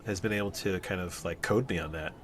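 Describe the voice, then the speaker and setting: A man's voice: sits low, fast. A man co-hosting a podcast, rambling in casual chat and swearing freely. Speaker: podcast co-host.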